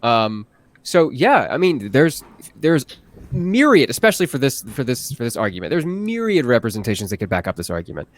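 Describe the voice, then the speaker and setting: A man, a voice actor guest on a live-stream interview, talking earnestly and haltingly with many restarts. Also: mid-range voice, very animated.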